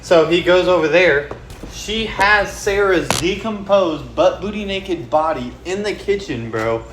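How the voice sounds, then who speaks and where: A man's voice: high-pitched, lively intonation, a little slow. A young man YouTuber casually recapping a movie plot, rambling with lots of slang and filler words. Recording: echoey room with loud background noise.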